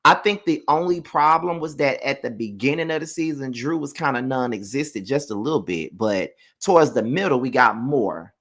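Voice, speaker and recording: A man's voice: mid-range voice, animated, moderate pace, hardly any pauses, fairly bright tone. A man casually reviewing a reality show on his channel and grading each cast member. He talks loosely and bluntly, with plenty of ums. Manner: loose and chatty, hands out grades with frequent ums; blunt, candid opinions. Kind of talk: casual live review commentary.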